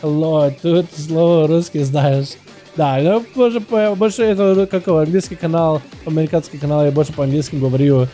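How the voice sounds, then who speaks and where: A male game streamer with a high voice that has a soft, mellow tone. He chats casually with his viewers and then switches to lively, hyped play-by-play commentary on duels. Faint music plays underneath. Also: brisk. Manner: energetic, hyped, chatty with viewers.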